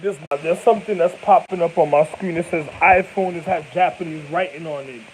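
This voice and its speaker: A man's voice: fairly high pitch, brisk, slight background noise, rough recording. A man telling rambling stories to camera in loose slang, laughing often as he goes. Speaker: vlogger. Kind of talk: casual storytelling to camera.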